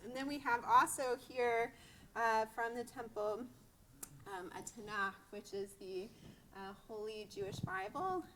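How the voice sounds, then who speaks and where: A woman rabbi speaking at a bat mitzvah service in a synagogue sanctuary, heartfelt and halting, with many restarts. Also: fairly high pitch, fairly bright tone. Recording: noisy livestream recording.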